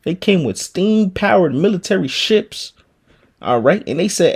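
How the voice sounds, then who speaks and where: A man's voice: high voice, expressive, a little slow, vocal fry, husky. A man giving an informal scripture teaching, stammering and repeating words, tagging nearly every phrase with "man" or "right?". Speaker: preacher.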